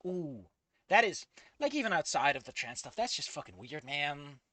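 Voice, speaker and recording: A man's voice: fairly high pitch, sing-song, fairly quick, sharp tone. A man giving casual commentary on a fan fiction he reads aloud, ranting in a profane, exasperated way.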